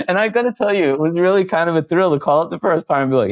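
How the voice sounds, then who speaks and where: A man's voice: a little high, fast, dry recording. A man, a podcast guest, telling stories in casual chat and acting out the quoted lines. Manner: animated storyteller acting out quotes. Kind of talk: casual storytelling.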